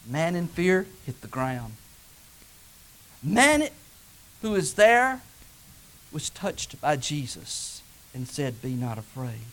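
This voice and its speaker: High-voiced preacher swinging loud to hushed. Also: male voice, sing-song, takes it slowly, pauses often. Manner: dramatic swings from loud calls to hushed low asides. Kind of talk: sermon.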